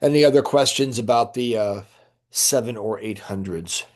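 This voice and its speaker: In an informal lecture answering questions about church history, a middle-aged priest speaks at a moderate pace in a mid-range voice. He rambles, frequently using fillers and restarting sentences.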